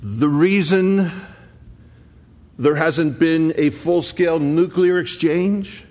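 A man preaching a sermon, explaining scripture conversationally and stressing key words with slow, emphatic pauses. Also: fairly high pitch, a little mellow. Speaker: pastor.

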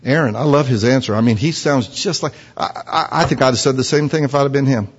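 A man preaching a sermon in a conversational, animated storytelling manner with frequent asides. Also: medium pitch, quick pace, slightly rough. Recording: dull recording in a reverberant hall.

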